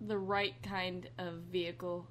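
A woman's voice: on the low side, little pitch movement, a little slow, a bit bright, a little hiss or hum. A woman co-hosting a casual chat, blunt and teasing with jokey banter.

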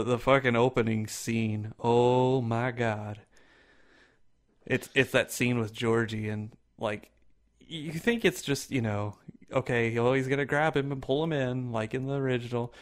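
A man co-hosting a podcast in casual chat, telling stories with lively energy, swearing freely and laughing loudly. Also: medium pitch. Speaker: podcast co-host.

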